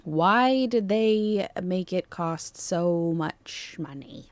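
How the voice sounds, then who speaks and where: Reacting to a cooking video on her live stream, a female VTuber jokes about herself and makes chatty, playful remarks to her viewers' chat. She talks very slowly in a lowish voice, and there's no echo.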